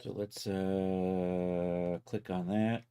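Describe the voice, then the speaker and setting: A man casually talking himself through each step of a software task on a live stream, loose and self-mocking. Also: low voice, little pitch movement, drawn-out words, smooth. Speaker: livestreaming 3D content creator.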